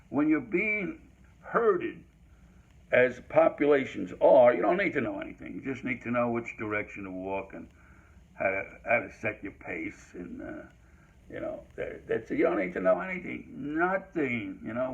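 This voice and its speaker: A man's voice: mid-range voice, lively intonation, normal speed, vocal fry, husky. An older man hosting a history talk, giving a rambling solo monologue full of fillers and restarts. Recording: dull lo-fi recording.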